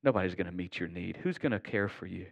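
A man voicing Satan as a sly tempter, speaking in a hushed, insinuating way. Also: medium pitch, expressive, a little fast, close to an everyday voice. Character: whispering Satan, sly tempter of lonely widows.

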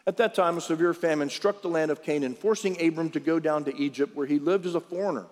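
A man's voice: fairly high pitch, fast talker. A man preaching a conversational sermon to his congregation in a church service, mixing scripture reading with jokes. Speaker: pastor. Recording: long church-hall reverb.

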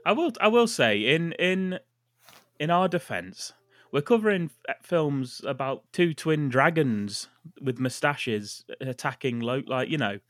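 A man's voice: fairly high pitch, expressive, a little slow, fairly bright tone, dry recording, clean studio sound. A man from the UK co-hosting a film podcast, joking and bantering defensively. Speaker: podcast co-host. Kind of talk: casual chat.

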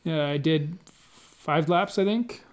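Here is a man with a slightly raised voice telling a friend about flying in an air race. He speaks in a loose, conversational way, full of fillers and false starts, and breaks into the odd laugh as he remembers. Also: on the high side. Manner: halting, many restarts and fillers, laughs while telling. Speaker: pilot recounting an air race event. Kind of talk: casual conversational recollection.

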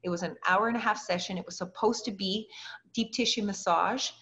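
A woman being interviewed tells a personal story earnestly, acting out the voices of the people she quotes. Her medium-pitched, fairly bright voice holds a steady tone and moves a little fast. The recording is dull and lo-fi.

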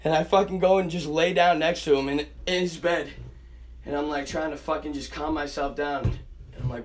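Speaking at a moderate pace in a fairly high voice, a young man on a podcast relates a wild story as a guest. The talk is casual and animated, thick with constant swearing, and he acts out each quoted voice.

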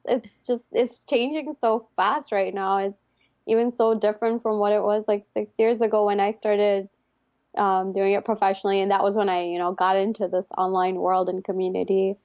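A woman's voice: medium pitch, flat delivery, normal speed, darkish tone, no echo, muffled recording. A young woman, a henna artist, chatting casually and laughing often as she retells what clients ask her. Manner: laughs often, quotes people in little asides. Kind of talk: casual chat.

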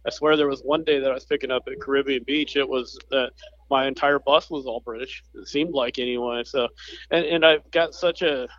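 A man's voice: medium pitch, fairly even intonation, fairly bright tone, no room sound. Easygoing man, dry muffled audio. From American South. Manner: easygoing, halting, laughs often. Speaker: podcast co-host, theme park bus driver. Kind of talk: casual chat.

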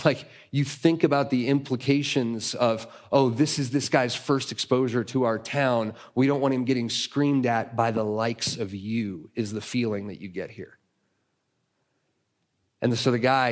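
A man as guest teacher giving a conversational sermon, retelling a story and voicing its people. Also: mid-range voice.

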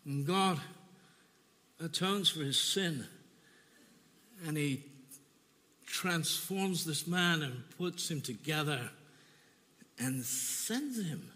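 A man preaching a sermon, telling his own testimony earnestly and emotionally, with halting repeats. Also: on the high side, animated, bright, forceful tone, big-room sound.

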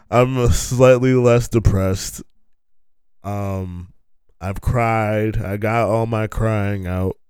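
A man's voice: on the low side, darkish tone, clean tone, no room sound, clean studio sound. A man hosting a podcast, riffing through a rambling, profane comic monologue with bursts of laughter. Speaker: podcast host.

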